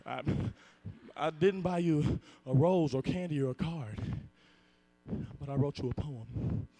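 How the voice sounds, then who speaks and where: A man's voice: fairly high pitch, a little slow, dark tone, voice pushed down. A young man playing a flustered, eager young man who stammers and restarts his sentences. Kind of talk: competitive humorous interpretation.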